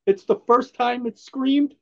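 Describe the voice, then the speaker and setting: A man's voice: very high-pitched, measured pace, a little mellow, dull audio. A man co-hosting a podcast, enthusiastically walking through a comic book in rambling, casual chat with frequent laughs. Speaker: podcast co-host presenting a comic.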